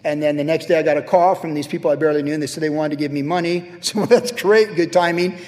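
A man preaching a sermon as a pastor, telling personal stories with animated swings in pitch and volume. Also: quick pace. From California. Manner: animated storytelling with sudden jumps in pitch and volume. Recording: long reverb from a large hall.

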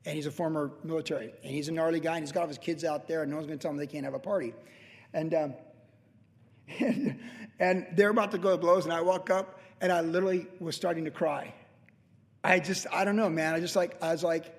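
Man in his late fifties, pastor, casual rambling sermon, slightly high voice, long hall reverb. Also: steady tone, quick pace. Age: late 50s. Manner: rambling, conversational, with many restarts and "like".

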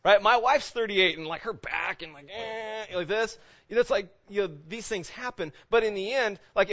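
A man in his late thirties preaching a sermon, talking like he's chatting with the congregation and throwing out question after question. His voice sits a little high for a man. The sound is dull and lo-fi. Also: fairly bright tone. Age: 30s. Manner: conversational preaching, rhetorical questions. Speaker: pastor.

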